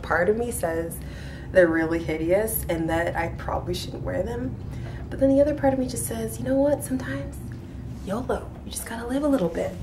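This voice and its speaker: A woman's voice: mid-range voice, noisy background. Breathless, chatty young woman vlogger. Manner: rambling, giggly, confiding, with lots of fillers. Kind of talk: casual chatty vlog.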